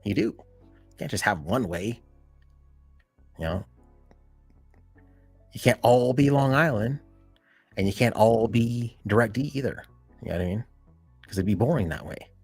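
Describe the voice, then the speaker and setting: A man hosting a live stream in casual chat, rambling and filling every pause with "you know" and "like". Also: on the low side, lively intonation, creaky, breathy edge, no echo, faint music behind.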